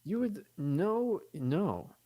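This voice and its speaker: A man's voice: sits high, sing-song, very slow, mellow. A man chatting casually as a podcast guest, rambling through stories with many fillers. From United States.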